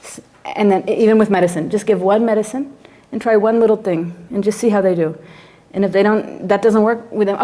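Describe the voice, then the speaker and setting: A woman's voice: mid-range voice, fairly even intonation, fairly quick, dark tone. A woman psychologist teaching a class, telling a story about a client and acting out her own reactions as she goes.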